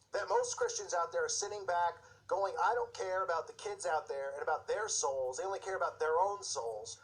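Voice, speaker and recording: A man's voice: high voice, low-quality recording. Fired-up sarcastic man. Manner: fired-up, sarcastic, mocking impressions. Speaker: Christian commentator. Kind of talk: impassioned video commentary.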